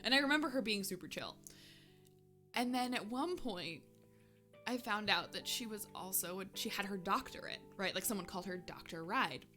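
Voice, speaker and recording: A woman's voice: mid-range voice, lively intonation, normal speed, sharp tone, faint music behind. A woman streamer telling a personal story in casual chat, laughing often and using lots of filler words.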